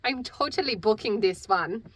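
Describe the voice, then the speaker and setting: A woman's voice: mid-range voice, animated, normal speed, breathy edge, no room sound, pitched above the performer's own voice. Bold playful German woman, thick German accent, put on by a woman. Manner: exaggerated accent, giggly asides.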